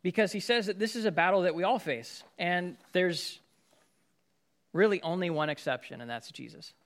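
High-voiced man preaching conversationally. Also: normal speed. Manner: conversational, acts out everyday scenes with sudden loud outbursts. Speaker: pastor. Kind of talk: sermon.

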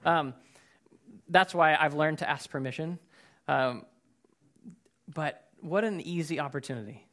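A man with a somewhat high voice delivers a relaxed, conversational sermon. He talks earnestly, often saying "um" and "you know" and restarting words. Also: unhurried, long pauses. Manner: casual, earnest, many fillers and repeated words. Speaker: pastor. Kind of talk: conversational sermon with personal stories.

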